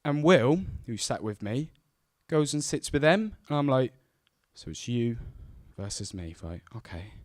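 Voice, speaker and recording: Male storyteller, live stage, dry close sound, animated quoting. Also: mid-range voice, unhurried, dry recording. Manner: acts out quoted voices, shouting and mimicking.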